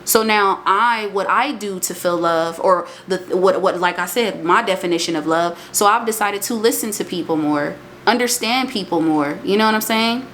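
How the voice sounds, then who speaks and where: Animated young woman, faint background hiss. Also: normal speed, few pauses. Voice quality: emphatic and animated, swings into high exclamations. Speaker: vlogger. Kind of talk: casual motivational monologue.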